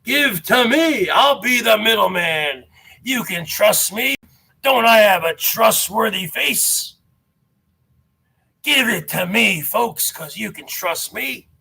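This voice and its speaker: A man's voice: high voice, lively intonation, slow pace, gravelly, bright, forceful tone, slightly rough, heavily acted. A man mockingly voicing a smug male scammer who pleads for trust with oily, fake sincerity. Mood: sarcastic. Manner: sarcastic, oily mock sincerity.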